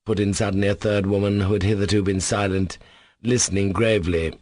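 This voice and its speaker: A man with a low voice narrating a classic novel in a steady, even storyteller's way. The recording is close and bone dry, with no room sound at all. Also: fairly quick, dry recording. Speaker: audiobook narrator. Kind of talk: scripted narration.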